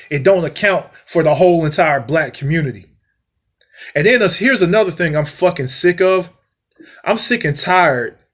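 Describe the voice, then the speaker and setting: A man's voice: on the high side, sharp tone. A man ranting in a vlog monologue, blunt and heavily profane, repeating points for emphasis. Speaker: vlogger.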